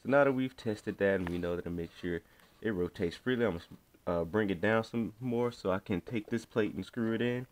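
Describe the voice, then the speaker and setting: A man's voice: on the low side, fairly quick. A man casually talking through a hands-on repair tutorial, slangy and chatty, talking to himself as he works. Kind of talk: casual how-to narration while working.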